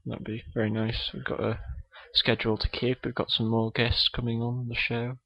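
A man hosting a comedy podcast interview, talking hesitantly with lots of ums and pauses. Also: mid-range voice, level tone, creaky, no echo. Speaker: podcast host. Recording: dull lo-fi recording.

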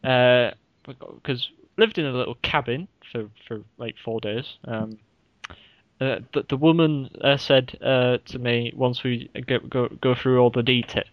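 A man's voice: medium pitch, steady tone, a little slow, dry recording. Man, casual podcast chat, rambling, laughing a lot, dull dry recording. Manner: rambling, giggly storyteller. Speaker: podcast co-host.

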